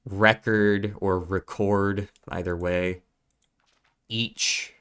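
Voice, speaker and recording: A male streamer talks himself through a puzzle game, muttering and cursing as he reasons out each clue. His voice sits low, and he speaks at an unhurried, drawn-out pace. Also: fairly even intonation, fairly bright tone, clear, resonant tone. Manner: muttering, profane, puzzling things out slowly. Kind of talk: thinking aloud while playing a puzzle game.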